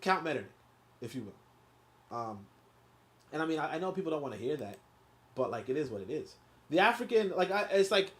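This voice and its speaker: Male host, slightly high voice, reads a book aloud and riffs on it with casual, animated commentary. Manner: animated, repeats filler words, gets loud and laughing when riffing.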